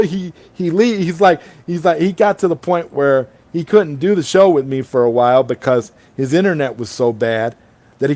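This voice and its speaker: A man with a high, darkish voice hosts a casual late-night livestream chat over an online streaming call. He reads viewer comments aloud and rambles enthusiastically in between.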